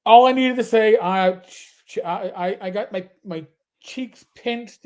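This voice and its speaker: A man's voice: high-pitched, unhurried, darkish tone. A man from New York with a New York accent, a former police officer and podcast co-host. He tells stories animatedly, slipping into voices, with stammering restarts. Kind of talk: casual storytelling chat.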